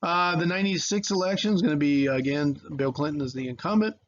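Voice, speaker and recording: A man gives a recorded history video lesson, rambling casually with lots of fillers and restarts. His voice is fairly high and fast, and the audio is dull with a slight hiss or hum.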